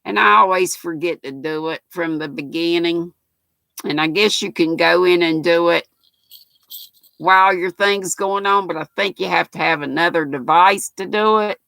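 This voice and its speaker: An older North Carolina woman hosts a livestream, chatting casually in a folksy way and reading viewers' comments aloud. Her voice is on the low side, gravelly and fairly bright, at a normal pace, with no room sound.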